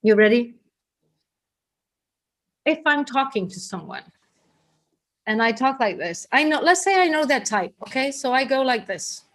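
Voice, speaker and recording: A woman's voice: high voice, expressive, a little slow, pauses often, fairly bright tone. A woman teaching a live group class, talking in a chatty, guiding way with frequent restarts. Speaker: workshop teacher.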